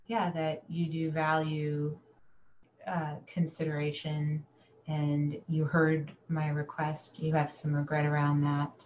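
A woman guest, a family doctor, speaking in a soft, reflective and measured way in calm conversation. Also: deep voice, muffled recording, a little hiss or hum. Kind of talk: calm conversational podcast talk.

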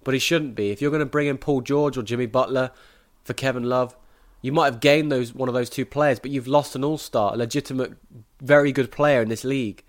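A man hosting a sports podcast, giving brisk, opinionated analysis and then interviewing a guest. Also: medium pitch, steady tone. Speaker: podcast host.

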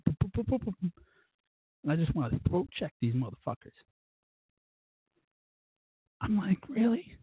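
A man's voice: mid-range voice, husky, dry recording. A man hosting a casual podcast, rambling through a profane story while a bit drunk. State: tipsy from drinking. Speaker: podcast host. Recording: tinny phone-like recording.

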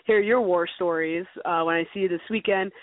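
A woman's voice: lowish voice, fairly even intonation, fairly quick, dry recording. A woman guest on a chat show, laid-back and teasing. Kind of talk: casual chat. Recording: tinny phone-line audio.

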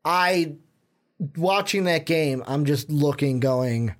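Young guy cohosting a sports podcast, kinda high voice, jokey, keeps butting in. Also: unhurried. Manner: animated, jokey, talks over his partner. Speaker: podcast co-host. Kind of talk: casual sports podcast chat.

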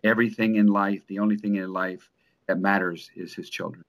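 A middle-aged man giving an earnest, emotional testimonial, speaking haltingly with many restarts and repeated words. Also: fairly low pitch, steady tone, muffled recording. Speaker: coaching client. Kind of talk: personal testimonial in conversation.

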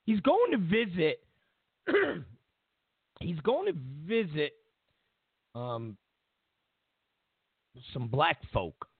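A man hosts a political talk show, mocking his opponents in a casual, sarcastic way and repeating his own lines. His voice is gravelly and his delivery is slow and unhurried. His pitch swings widely, and the sound is thin and phone-like. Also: huge pitch swings, no echo. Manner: sarcastic, mocking, repeats phrases, chuckles often. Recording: tinny phone-like audio.

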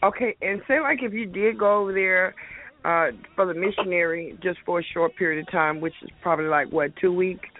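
A woman's voice: fairly low pitch, a little fast. A woman calling in to a show, rambling hesitantly and repeating her words. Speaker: caller. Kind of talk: casual call-in question. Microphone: phone. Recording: tinny phone line.

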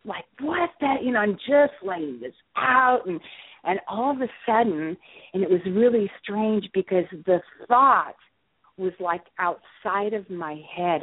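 Middle-aged woman, author guest, animated storyteller, heard over a dry phone line. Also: lowish voice, breathy edge, dry recording. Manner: lively, acts out her own reactions. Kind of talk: casual storytelling in an interview.

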